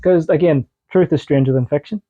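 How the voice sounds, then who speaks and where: A man's voice: a little high, a little fast, warm tone. A man co-hosting a casual podcast, telling loose stories and laughing easily. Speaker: podcast co-host. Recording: dull lo-fi podcast audio.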